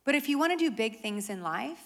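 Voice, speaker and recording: A woman pastor preaching a sermon to a live congregation, animated and conversational with self-deprecating humor. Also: on the high side, brisk. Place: church service with live audience.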